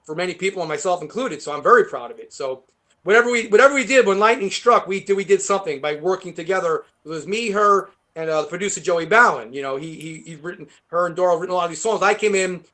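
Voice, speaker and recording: A man with a heavy New York accent, a guest guitarist rambling through animated stories in a casual interview. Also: high voice, fast talker. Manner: rambling, animated storytelling with many fillers.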